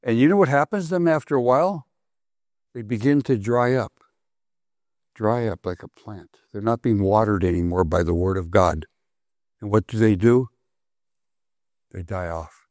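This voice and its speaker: A man's voice: lowish voice, moderate pace, long pauses, a little mellow, dry recording. Man preaching a plain, dry-sounding sermon. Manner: repeats phrases for emphasis, asks the congregation questions. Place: congregation hall.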